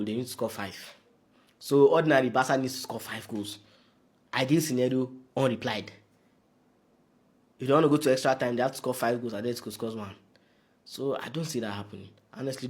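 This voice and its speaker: A man hosting a sports update, calmly reasoning through a match prediction. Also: mid-range voice. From Nigeria. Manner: calm, measured, reasoning aloud. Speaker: sports show host.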